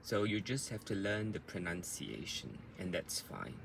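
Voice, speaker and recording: A man with an Australian accent, an English language coach giving a patient pronunciation lesson and repeating words slowly to show their stress. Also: sits low, very animated, creaky, a bit bright, a little hiss or hum.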